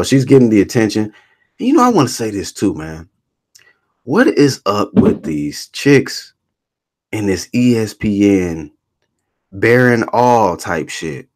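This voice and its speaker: Rambling incredulous man, lively pitch. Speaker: streamer answering chat. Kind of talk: casual live-stream commentary.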